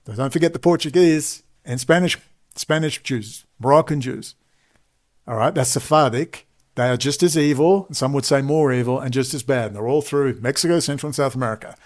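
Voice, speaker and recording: An Australian man delivering a combative, sarcastic ranting monologue to camera, talking loudly. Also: medium pitch, fairly quick. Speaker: online commentator.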